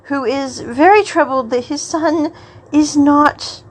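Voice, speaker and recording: A woman's voice: sits high, slow pace, low-quality recording. A woman hosting a podcast, recapping a drama episode in a chatty, rambling way and often laughing mid-sentence. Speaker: podcast host.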